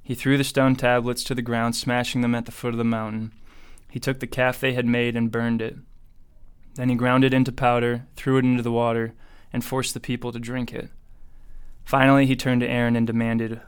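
Man reading scripture in a steady monotone. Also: medium pitch, a little fast, clear, resonant tone. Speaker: Bible reader.

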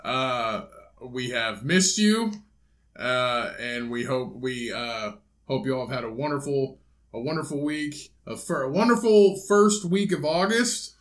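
A man's voice: mid-range voice, animated, unhurried. A man from south central Indiana co-hosting a casual podcast with his brother, rambling with many restarts and swearing. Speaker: podcast co-host. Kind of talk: casual chat.

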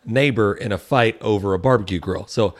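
A man's voice: fairly low pitch, brisk, soft background music. A man hosting a podcast in casual chat, laid-back as he moves the show between segments. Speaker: podcast host.

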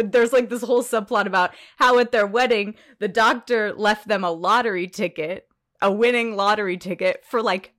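A woman co-hosting a podcast, chatting casually. She tells the story in long rambling stretches and laughs often as she goes. Her voice sits in a middle pitch. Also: a bit bright. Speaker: podcast co-host. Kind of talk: casual chat.

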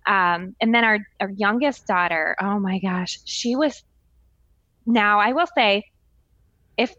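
A woman's voice: mid-range voice, slow pace, no room sound, dull audio. A woman in her forties co-hosting a podcast, telling family stories in casual chat and acting out the voices in them. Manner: animated storyteller, acts out quoted voices. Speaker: podcast co-host.

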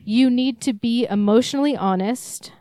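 A woman's voice: a little high, normal speed, dark tone, no echo. Young female podcast co-host, rambling storyteller, swears, dry close sound. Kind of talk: casual chat.

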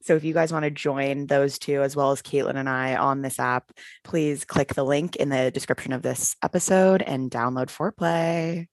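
A young woman from California co-hosting a podcast in casual chat, bubbly and laughing often, with a croaky voice on a corded headphone mic. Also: extremely low pitch, steady tone, moderate pace, dry recording, studio quality. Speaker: podcast co-host.

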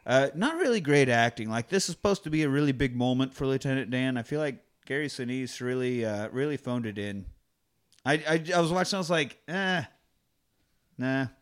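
A man chatting casually about a movie, animated and swearing, acting out lines in put-on voices. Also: medium pitch, a little fast. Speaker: podcast co-host. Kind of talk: casual movie-recap chat.

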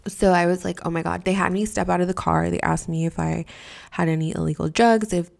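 A young woman from Mexico tells a story on her podcast in a low, gravelly voice full of vocal fry. She sounds exasperated and swears freely, rambling through fillers and sometimes sinking into a whisper. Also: fairly even intonation, brisk, darkish tone. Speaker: podcast host. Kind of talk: casual storytelling.

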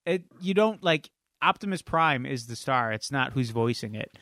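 A man's voice: mid-range voice, expressive, moderate pace, bright, forceful tone, no room sound, clean studio sound. A man co-hosting a podcast, chatty and joking as he gives his opinions. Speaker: podcast co-host. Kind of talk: casual chat.

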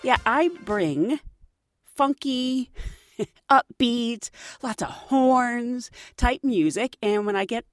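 A woman flight attendant telling stories in a casual, animated way, laughing often. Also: mid-range voice, no echo, studio quality. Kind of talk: casual storytelling.

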